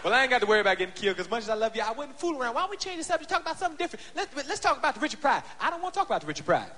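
A man doing a stand-up comedy routine on stage before a live audience, brash, profane and animated. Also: extremely high pitch, racing, long reverb tail.

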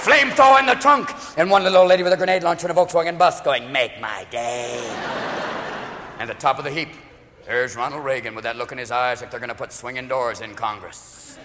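A male stand-up comedian doing an animated, rapid-fire routine in a live venue, slipping in and out of voices. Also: on the high side, background noise. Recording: live club mic, echoing hall, crowd.

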